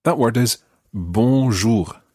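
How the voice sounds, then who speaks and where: A Scottish man teaching a podcast language lesson, patiently modelling each word slowly and carefully. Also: medium pitch, mellow, dry recording, clean studio sound. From Scotland.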